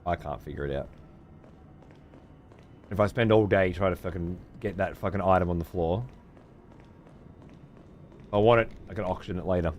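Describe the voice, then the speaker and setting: With a deep voice at normal speed and long pauses, a man streams a game and chats casually, cursing freely while answering his chat. It's let's play gameplay commentary with a little hiss or hum in the audio.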